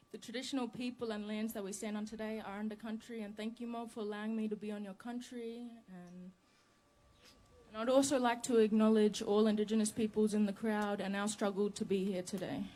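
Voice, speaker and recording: A young woman, a rapper talking earnestly to a live crowd between songs, quietly and quickening when excited. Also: a little high. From Northern Territory, Australia. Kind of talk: onstage talk between songs. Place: outdoor festival stage.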